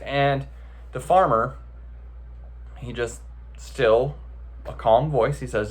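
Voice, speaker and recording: A man's voice: mid-range voice, slow pace, pauses often, husky. A man giving a casual, conversational talk as a meditation teacher, often checking in with the listeners as he tells a story.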